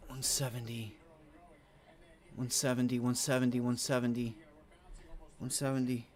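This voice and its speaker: A man's voice: medium pitch, little pitch movement, normal speed, long pauses, darkish tone. A man streaming live day trades, venting with profanity and repeating himself in short bursts as he watches the chart. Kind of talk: live trading commentary.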